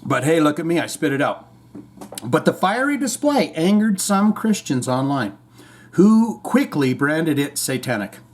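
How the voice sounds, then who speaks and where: A man's voice: a little high, sing-song, a little slow. A man hosting a podcast, giving rambling, irreverent, profanity-laced commentary on the news. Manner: rambling, irreverent, swears freely. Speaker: podcast host.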